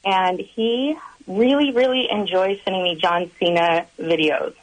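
A woman calls in to a radio show and complains with exasperation. Her voice is mid-pitched and plain. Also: a little slow, rough recording. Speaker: caller. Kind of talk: call-in phone chat.

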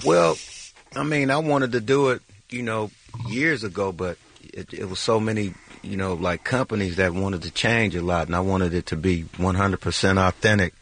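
A man's voice: low voice, normal speed, fairly bright tone. A man speaking as a guest in a radio studio, laid-back and easygoing.

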